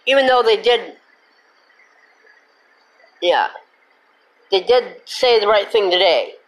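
A woman's voice: mid-range voice, slow, a little hiss or hum, rough recording. A woman hosting her own show, ranting with indignation, cussing and then apologizing for it. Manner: repetitive, emphatic complaining. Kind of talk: angry rant.

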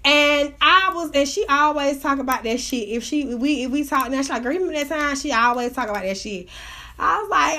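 High bright-voiced woman telling stories. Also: brisk. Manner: animated, profane, acts out quotes. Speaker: podcast host. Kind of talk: casual storytelling chat.

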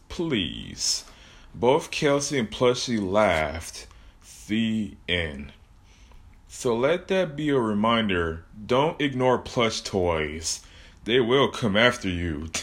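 A man's voice: on the low side, fairly bright tone. A man telling a comic horror story with jokey asides about his own plot.

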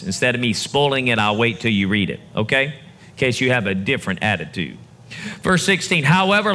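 High, bright-voiced preaching man. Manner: preaching with rising call-and-response emphasis. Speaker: pastor. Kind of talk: sermon. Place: church service before a congregation.

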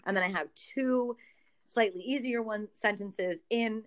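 A woman teacher talks in a loose, chatty way, circling back and restarting her sentences as she sets up a game. Her voice sits at an ordinary middle pitch for a woman. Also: a little slow. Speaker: Spanish teacher. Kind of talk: casual podcast chat.

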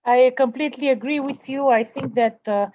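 A woman interviewing a guest, agreeing and speaking haltingly with fillers. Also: sits high, dry recording, phone-quality sound. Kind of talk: conversational interview.

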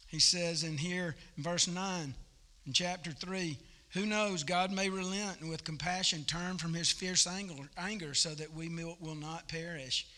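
Folksy preacher with a forceful voice. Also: male voice, a little high, unhurried. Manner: folksy, animated storytelling. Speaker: pastor. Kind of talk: sermon. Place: church service.

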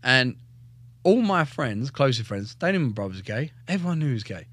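A young fighter, a guest on a podcast, tells his life story in a casual, animated way, swearing heavily and acting out quotes. His mid-range voice moves a little fast, with no room sound.

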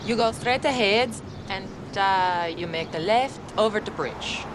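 A brisk woman with an Austrian accent gives directions and shuts down small talk, as an actress plays her. Her tone stays dry and short. Traffic noise runs under her voice. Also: mid-range voice, natural voice. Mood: curt. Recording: noisy street with traffic.

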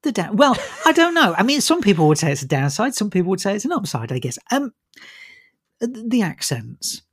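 Film reviewer, rambling and keen, even mid pitch, dry studio. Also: brisk, slightly rough, no room sound. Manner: enthusiastic, rambling, with frequent restarts. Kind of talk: casual radio-style film review chat.

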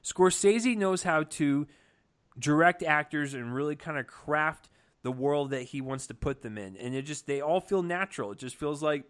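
A man's voice: a little high, expressive, moderate pace. A man giving a casual, enthusiastic movie review, talking with lots of fillers and restarts. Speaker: film reviewer.

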